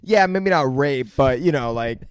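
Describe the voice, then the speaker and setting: A man's voice: mid-range voice, lively intonation, normal speed, clear, resonant tone, dry recording, clean studio sound. A young man co-hosting a podcast, trading crude, laid-back movie talk full of "bro" and "dude". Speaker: podcast co-host. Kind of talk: crude comedic movie-review banter.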